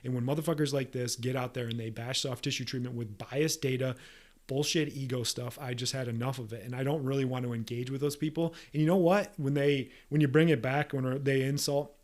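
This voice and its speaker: A fired-up male podcast host delivers a heated monologue. His voice sits at an ordinary middle pitch. He swears constantly and talks in a blunt, defiant, emphatic way. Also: steady tone, fairly quick. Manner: profane, combative, emphatic. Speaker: podcast host, soft tissue practitioner.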